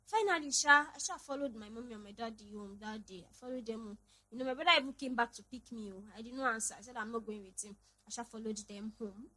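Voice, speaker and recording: A young woman with a Nigerian English accent, hosting a podcast and telling a personal story in an animated, dramatic way. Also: a little high, quick pace, poor audio. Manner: animated, dramatic, laughing retelling. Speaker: podcast host. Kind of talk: casual storytelling monologue.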